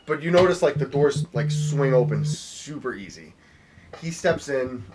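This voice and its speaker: A young man narrating a tabletop game as game master, relaxed and chuckling, with loose talk full of fillers. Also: mid-range voice, a little slow, noisy background.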